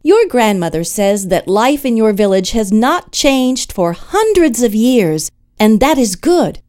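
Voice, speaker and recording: A woman reading a textbook scenario aloud in a gentle, inviting storytelling manner. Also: fairly high pitch, sing-song, a little slow. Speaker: textbook narrator. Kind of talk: scripted second-person reading.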